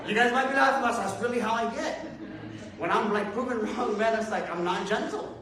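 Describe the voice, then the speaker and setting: A man preaches a conversational sermon to a congregation in a church hall, casual and self-deprecating, with chuckling asides. His voice sits high and expressive at a moderate pace, with a crowd in the background. The recording is echoey and distant, as if captured from far across the hall.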